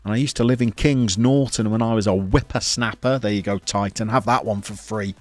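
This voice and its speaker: A man from the English Midlands with a soft Birmingham accent, chatting casually and wryly to his chat while playing a football management game. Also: fairly low pitch, fairly quick, faint music behind. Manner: wry, self-mocking chatter to chat. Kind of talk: casual live-stream commentary.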